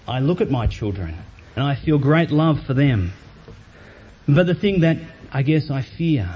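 Earnest man preaching in church, lively pitch. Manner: earnest, reflective storytelling with frequent uh fillers. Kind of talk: sermon. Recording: muffled church recording with faint hiss.

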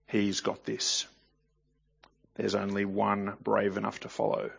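A man's voice: on the low side, completely flat delivery, takes it slowly, creaky, breathy edge, dull audio. A man reading scripture aloud and commenting on it in a conversational way, often asking the listener rhetorical questions. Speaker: Bible teacher.

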